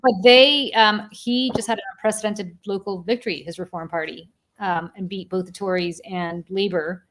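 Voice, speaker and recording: A woman's voice: medium pitch, fairly even intonation, moderate pace, few pauses, fairly bright tone. A woman co-hosting a casual talk show, giving opinions on politics with many fillers. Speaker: co-host of a live chat show. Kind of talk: casual chat, current affairs.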